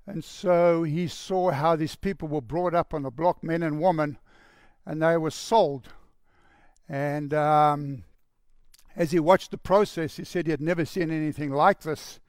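A man telling a story in a sermon with a gravelly voice, earnest, and dropping to a hushed voice for the quoted lines. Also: on the high side, steady tone, measured pace, dry recording, clean studio sound. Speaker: preacher.

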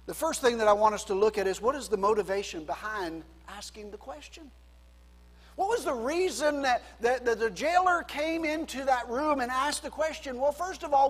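A man preaching a sermon as pastor, swinging between loud emphasis and quiet drops. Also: extremely high pitch, big-room sound.

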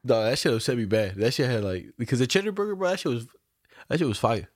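This podcast co-host has a medium-pitched voice with big pitch swings and talks quickly. His storytelling is casual, slangy, and loaded with profanity, captured in studio quality with no room sound.

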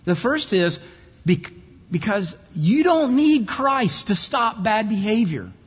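A man preaching a sermon in an emphatic way, his pitch swinging widely, with long pauses. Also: big pitch swings, breathy edge. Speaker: pastor. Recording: muffled hall recording.

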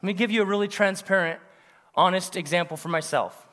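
High bright-voiced male preacher in a reverberant hall. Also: a little fast. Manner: animated, punchy, with bursts of laughter. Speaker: pastor. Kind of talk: sermon.

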